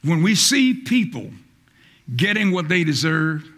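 A male pastor preaching a fiery call-and-response sermon, stammering on repeated words and rising to shouts. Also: a little high, very animated, measured pace. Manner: acts out quoted voices, stammers on repeated words.

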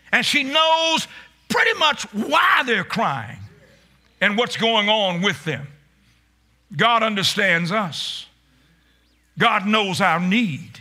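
High bright-voiced preacher man. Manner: call-and-response preaching, rising to shouts, repeats words. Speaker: pastor. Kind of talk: sermon.

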